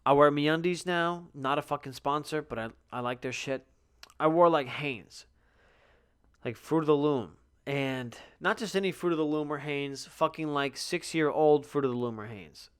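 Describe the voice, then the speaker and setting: A young man talking alone on his podcast, swearing freely and telling stories with loud outbursts. His voice sits a little high for a man. He sounds sleepy now and then, stifling yawns. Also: moderate pace, clear, resonant tone. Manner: profane, animated storytelling with loud outbursts. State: yawning, sleepy. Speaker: podcast host. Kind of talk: casual solo podcast monologue.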